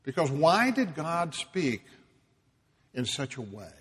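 A man preaching a sermon, emphatic, dropping to a hush and rising loud for stress. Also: fairly high pitch, sing-song, slightly rough, big-room sound. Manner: slow, emphatic, swings between hushed and loud.

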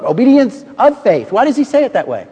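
A man with a high, ringing voice delivers a sermon from the pulpit. He tells stories with drama, dropping to a hush and then building back up. A long hall reverb trails every phrase. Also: wildly swooping pitch, fairly quick, breathy edge, muffled recording. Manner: storytelling, dramatic swings from booming to hushed. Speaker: preacher.

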